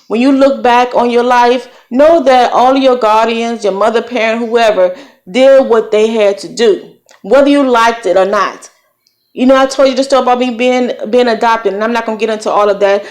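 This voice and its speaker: A woman's voice: a little high, moderate pace. A middle-aged woman from Virginia with a light Southern accent, giving encouraging, preachy parenting advice in a casual vlog. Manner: warm preachy encouragement with folksy phrasing. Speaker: vlogger.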